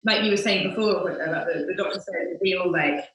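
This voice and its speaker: A woman's voice: fairly low pitch, quick pace, fairly bright tone. Young woman in an echoey room. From Manchester, England. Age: young adult. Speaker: interview guest. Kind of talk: casual interview chat.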